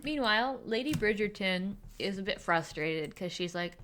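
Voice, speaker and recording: A woman's voice: medium pitch, animated, fairly bright tone. A woman giving a casual, sarcastic recap of a period drama while drawing, briefly acting out the characters. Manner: wry, sarcastic, acts out characters in quick voices. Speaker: recap host.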